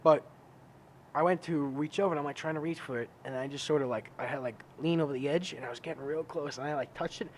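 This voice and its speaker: A man with a slightly high voice rattles through a story at a quick clip, acting out his own reactions and cursing along the way. It's loose podcast chat, with a faint room hiss under the voice. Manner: animated storyteller, acts out his own outbursts, swears freely. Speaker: podcast co-host. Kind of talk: casual chat.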